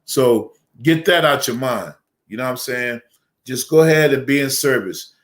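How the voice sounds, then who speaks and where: A middle-aged man talks casually as an imam on a roundtable panel. He jokes a lot and fills his talk with "you know". His voice sits at an average pitch for a man. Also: moderate pace. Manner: joking, folksy, many fillers.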